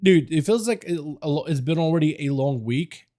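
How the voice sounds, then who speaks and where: A tired male game streamer chatting casually with his viewers, laughing often and breaking into excited outbursts. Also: fairly high pitch, brisk. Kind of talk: casual livestream chat.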